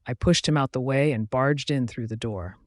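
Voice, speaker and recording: A man's voice: medium pitch, normal speed, no echo, clean studio sound. A man narrating a first-person werewolf romance story in a dramatic storytelling reading.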